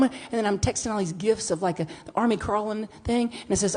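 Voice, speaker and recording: A woman minister giving a storytelling sermon, acting out dialogue with big jumps in pitch and loudness. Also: a little fast, few pauses. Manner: animated, acts out dialogue with big swings in pitch and volume. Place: church sanctuary.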